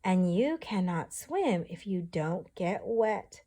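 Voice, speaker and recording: A woman reading as a soft-spoken mother duck. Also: fairly low pitch, sing-song, slow pace, heavily acted. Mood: gentle. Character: patient gentle mother duck.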